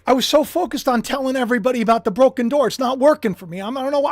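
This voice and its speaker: Animated man preaching on a livestream. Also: very high-pitched, racing, hardly any pauses, no echo, studio quality, soft background music. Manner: emphatic, swings from hushed to shouting. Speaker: preacher streaming live.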